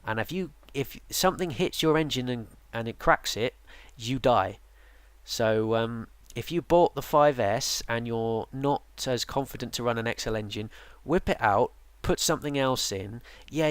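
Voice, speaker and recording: Yawning and tired, a man narrates a casual game tutorial as a guide presenter, rambling loosely and pausing often for ums and restarts. His middle-pitched voice has a fairly bright, smooth tone. The recording is dry and close, with no room sound or echo.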